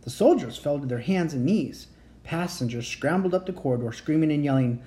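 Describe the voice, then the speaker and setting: A home reader reading a children's book aloud, expressive, with occasional slips. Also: medium pitch, fairly quick. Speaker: story reader.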